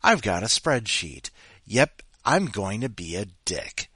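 A man's voice: lowish voice, sing-song, slow, pushed and bright, slightly rough, no room sound. Rambling, irreverent man hosting a podcast. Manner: rambling, irreverent, swears freely. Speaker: podcast host. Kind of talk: casual rambling commentary.

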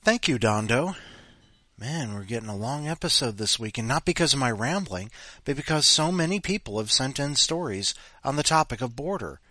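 A man's voice: medium pitch, expressive, moderate pace, bright, forceful tone, dry recording. Rambling, irreverent man hosting a podcast. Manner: rambling, irreverent, swears freely. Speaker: podcast host. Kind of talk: casual rambling commentary.

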